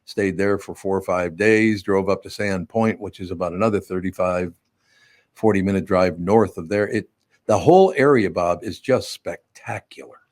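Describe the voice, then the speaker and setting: Low-voiced man hosting a casual chat. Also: normal speed, a little mellow, dry recording, studio quality. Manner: folksy, emphatic, laughs easily.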